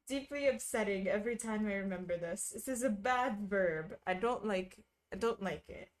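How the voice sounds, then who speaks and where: A woman's voice: medium pitch, moderate pace, darkish tone. A woman streaming casually, chatting with viewers while she stitches, full of wry asides and frequent laughter.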